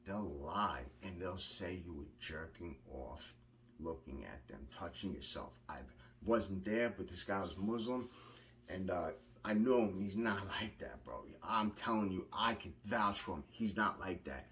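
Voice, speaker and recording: A low-voiced man talks bluntly and curses freely as he rambles through a story, doubling back on his words. He sits a little off from the mic, with a faint hiss of noise behind him. It is a loose monologue delivered straight to the camera. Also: expressive, measured pace, fairly bright tone, far from the mic. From Long Island, New York. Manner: blunt, profane, rambling with restarts. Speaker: vlogger recounting prison experiences.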